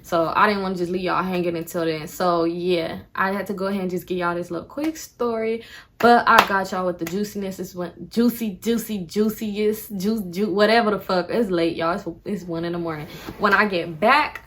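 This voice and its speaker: A young woman vlogger telling a storytime in a casual, animated, profane way, often calling her viewers y'all. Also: on the low side, normal speed, a little hiss or hum.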